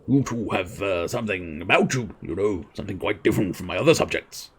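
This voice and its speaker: A man's voice: deep voice, expressive, brisk, a bit bright, husky, full character voice. A man voicing a rambling, self-important old king in a video game, pompous and stumbling over fillers.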